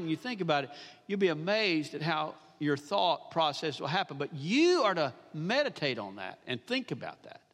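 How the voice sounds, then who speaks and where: A man's voice: high-pitched, fairly bright tone. A male pastor, preaching a sermon emphatically, repeating phrases and asking the congregation questions. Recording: long hall reverb.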